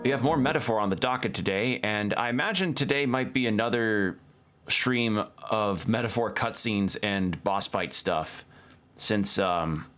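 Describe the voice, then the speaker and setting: While streaming a video game, a man chats casually and rambles through a story recap with a toothpick in his mouth, talking around it. His voice is on the low side, a little slow, and fairly bright in tone, with faint music in the background.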